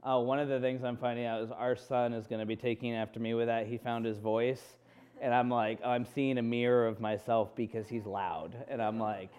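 A man's voice: mid-range voice, flat delivery, normal speed, darkish tone, clear, resonant tone. A man in his thirties preaching a sermon, telling a personal story candidly and quoting his own inner dialogue. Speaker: pastor.

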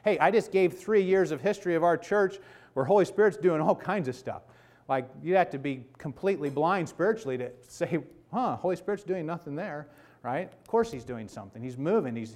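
A man's voice: fairly high pitch, expressive, a little fast, a little mellow. A man in his fifties preaching a sermon to his congregation, conversational and emphatic, checking in with "okay?" and "right?" asides. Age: 50s. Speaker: pastor.

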